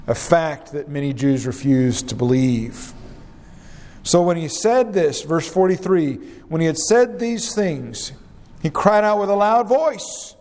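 A man preaching a verse-by-verse sermon, acting out quoted lines and asking his listeners rhetorical questions. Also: big-room sound. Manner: animated, acts out quoted lines with rising pitch; asks the congregation rhetorical questions. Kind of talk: expository sermon.

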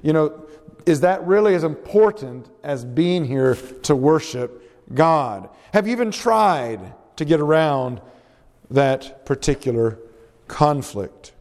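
A man's voice: on the high side, animated, takes it slowly, a little mellow, long reverb tail. A man preaching a sermon, earnest and exhorting, putting questions to the congregation.

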